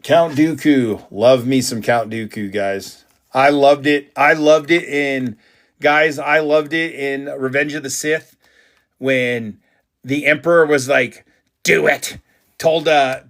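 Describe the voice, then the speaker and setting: A man hosting a live trading card break, talking excitedly and casually to his viewers. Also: medium pitch, measured pace. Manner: excitable, hyped, chatty with viewers.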